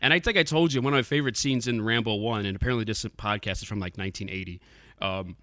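A man's voice: fairly low pitch, fast, bright, forceful tone, no room sound, studio quality. A man hosting a podcast, telling stories in a laid-back, loose way. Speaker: podcast host. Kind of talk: casual chat.

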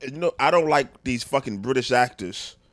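A man guesting on a comedy podcast, blunt and quick to laugh in casual banter. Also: medium pitch, expressive, no room sound.

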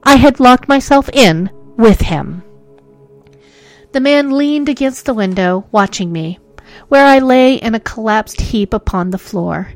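A woman's voice: fairly high pitch, expressive, a little slow, faint music behind. A woman reading a ghost story aloud as narrator, with dramatic, suspenseful delivery.

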